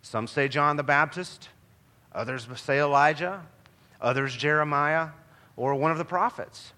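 A man's voice: a little high, measured pace, pushed and bright. A man preaching a sermon as a pastor, emphatic and full of rhetorical questions. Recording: long hall reverb.

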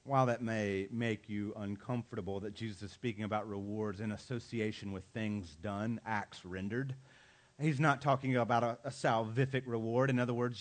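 A man, a pastor, preaching a sermon with emphatic delivery and dramatic pauses. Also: mid-range voice.

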